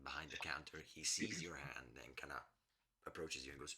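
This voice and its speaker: A man narrating a tabletop game as game master, relaxed and hesitant with many restarts. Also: a bass voice, brisk, breathy edge.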